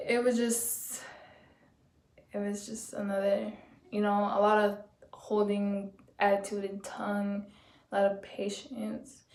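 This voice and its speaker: A young woman with a low, laid-back voice, telling a blunt, slangy, swearing story about quitting her job in a casual vlog. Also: creaky, a little hiss or hum. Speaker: vlogger. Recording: roomy echo.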